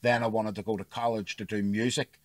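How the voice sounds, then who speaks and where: A man's voice: lowish voice, level tone, fairly quick, no echo. Man, podcast host, laid-back rambling chat, dry close-mic sound. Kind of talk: casual chat.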